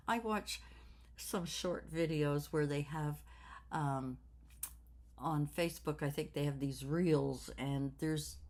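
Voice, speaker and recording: A woman in her sixties talking slowly and reflectively in a personal vlog, with many fillers and repeated words. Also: deep voice, darkish tone. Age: 60s. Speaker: craft channel host.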